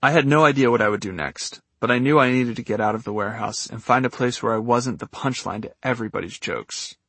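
A man's voice: mid-range voice, quick pace, fairly bright tone, slightly rough, dry recording. A man narrating his own memoir as an audiobook, in a wry, dryly humorous manner.

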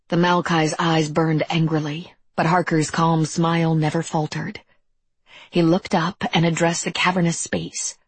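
Low, husky woman narrating a story. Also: flat delivery, unhurried, no echo. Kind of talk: audiobook narration.

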